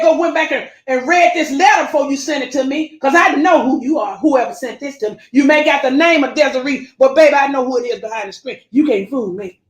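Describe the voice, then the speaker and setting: Woman vlogger, high voice, animated and preachy, reading a letter aloud, echoey room. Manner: animated, preachy, addresses viewers as family. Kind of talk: reading and reacting to a viewer letter.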